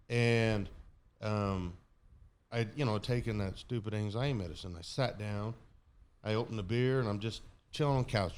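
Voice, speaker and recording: A man guesting on a podcast, telling a personal story in a blunt, casual way and swearing freely. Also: medium pitch.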